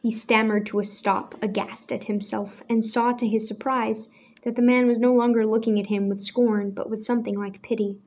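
A woman reading a novel aloud in measured, scripted storytelling narration. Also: a little high, flat delivery, darkish tone. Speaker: audiobook narrator.

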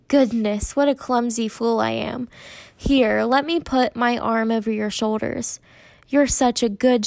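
A tender storybook mother, soft-spoken and steady, who quietly makes light of her own trouble, as a woman reading aloud puts her on. The voice sits a little high and dry, close to the mic. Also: no echo. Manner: soft, steady, self-deprecating. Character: gentle, injured mother, calm and reassuring.

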